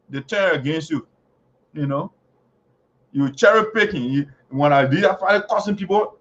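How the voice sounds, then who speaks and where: Mocking high-voiced man ranting. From Liberia. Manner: mocking, taunting, chanting jeers. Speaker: online show host. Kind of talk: heated political commentary. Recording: dull lo-fi audio.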